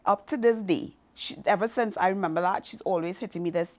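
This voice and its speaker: A woman co-hosting a podcast, speaking softly and relaxed as she recalls family moments. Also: mid-range voice, fairly quick. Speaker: podcast co-host. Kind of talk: casual chat.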